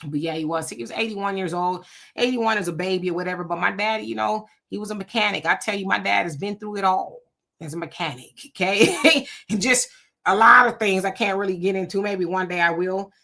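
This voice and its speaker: A woman hosting a casual livestream, reading out viewer comments and telling animated stories. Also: mid-range voice, a little fast, vocal fry. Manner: animated storytelling with frequent laughs. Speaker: livestream host.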